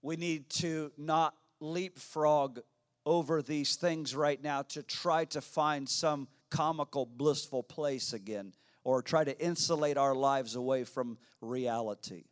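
A male pastor preaching at an unhurried, deliberate pace in a mid-pitched voice. He repeats phrases for weight and swings between hushed, near-whispered passages and loud, fervent peaks. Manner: dramatic swings from hushed to shouting; slow, emphatic preaching with repetition. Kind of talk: sermon.

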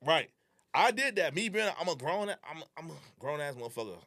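A man's voice: fairly high pitch, fairly quick. A young man in casual conversation, telling a personal story and acting out the dialogue, with slang and swearing. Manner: animated, reenacting dialogue; slangy and profane. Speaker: guest.

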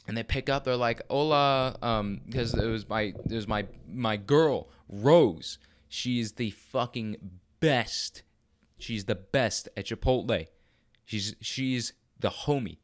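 A young man from Arizona telling a rambling, profane story in casual podcast talk, acting out the people he quotes. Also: mid-range voice. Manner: profane, rambling, animated quoting of others.

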